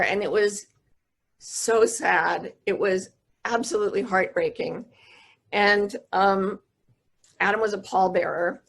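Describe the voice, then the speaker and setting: A woman's voice: medium pitch, creaky. A middle-aged woman giving an earnest, intimate storytelling talk over a video call. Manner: earnest, intimate storyteller who slows down for emotional moments. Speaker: wisdom teacher giving a talk.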